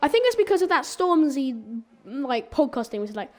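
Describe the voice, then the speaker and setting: A woman's voice: sits high, big pitch swings, moderate pace, faint music behind. A woman commentating a live sim racing qualifying session in a chatty, rambling way, often stumbling and correcting herself. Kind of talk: live esports race commentary.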